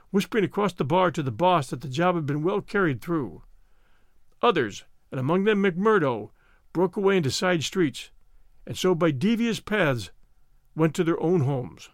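A man narrating a story aloud as host, measured and steady in his delivery. His pitch moves lively and sits a bit higher than most men, recorded close and dry. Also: dry recording. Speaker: host and reader. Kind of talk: audiobook narration.

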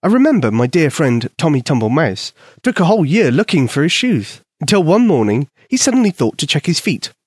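A man gently narrating a bedtime story for young children in an expressive storytelling manner. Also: on the high side, a little fast, hardly any pauses, slightly rough, dry recording, studio quality.

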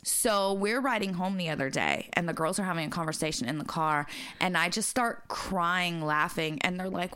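A woman co-hosting a podcast, telling stories in crude, animated casual chat and laughing often. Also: on the low side, moderate pace, smooth, dry recording. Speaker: podcast co-host.

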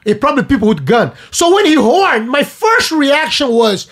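A man's voice: extremely high pitch, unhurried. A man from Brazil with a Brazilian Portuguese accent, telling a story in casual chat with much laughter. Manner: lively, laughing, acts out voices in his story. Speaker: guest storyteller.

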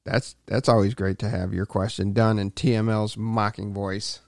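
A man's voice: lowish voice, flat delivery, normal speed, gravelly, no echo, studio quality. A man co-hosting a casual podcast chat, easygoing and laughing along. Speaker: podcast co-host.

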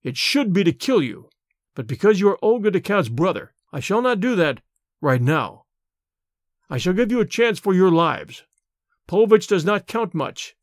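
A man voicing a jungle-raised hero who speaks in a low, measured, threatening tone. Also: very animated, no room sound, studio quality. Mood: menacing.

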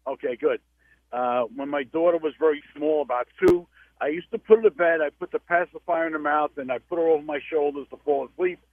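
A man calling into a radio show who tells a funny family story with lively delivery. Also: a little high, a little fast, dry recording. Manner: animated storyteller. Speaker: caller. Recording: dull lo-fi call-in audio.

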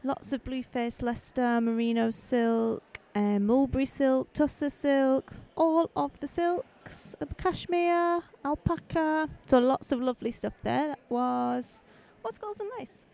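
A woman's voice: high voice, measured pace, creaky, hardly any pauses, a little mellow. A woman hosting a casual live podcast as she walks around festival stalls outdoors, chatting in a rambling, friendly way into a handheld microphone. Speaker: podcast host.

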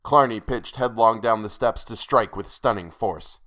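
A man narrating a pulp adventure story in a steady, dramatic reading. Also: lowish voice, normal speed. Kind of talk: audiobook narration of pulp fiction.

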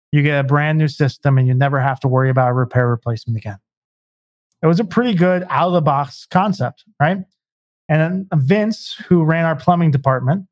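A home service business consultant with a voice on the high side gives emphatic business advice in a podcast conversation, recorded dry. He often tags his points with rhetorical "right?" asides.

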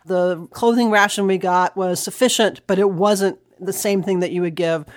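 A woman's voice: medium pitch, moderate pace, dry recording. Woman historian explaining in a dry room. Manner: animated, reads quotes aloud with laughs. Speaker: historian guest. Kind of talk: conversational explanation.

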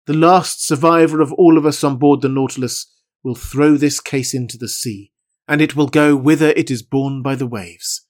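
A man reading aloud voices a stern, secretive sea captain who talks curtly and ironically, then gravely. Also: on the high side, animated, normal speed.

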